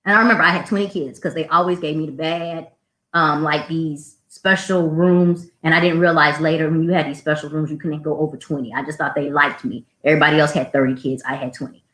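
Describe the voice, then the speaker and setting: Snarky lady host spinning classroom stories, lowish voice, echoey room. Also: a little fast. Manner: snarky, animated storyteller. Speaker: podcast host, school administrator. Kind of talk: casual storytelling. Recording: roomy echo.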